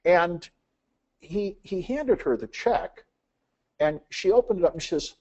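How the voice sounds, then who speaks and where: A man presenting to business owners, telling stories and acting out both sides of each exchange. His voice is fairly high, warm and slightly husky, and it swings up and down a lot. The audio is dull and lo-fi. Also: animated, measured pace, pauses often. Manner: acts out dialogue in anecdotes, frequent "uh" fillers.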